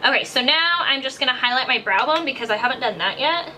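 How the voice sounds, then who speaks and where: A young beauty vlogger records a chatty makeup tutorial voiceover in her home bathroom, gushing and rambling with lots of "like." Her voice is high-pitched, expressive, fast, pushed and bright, and a bathroom fan hisses faintly in the background.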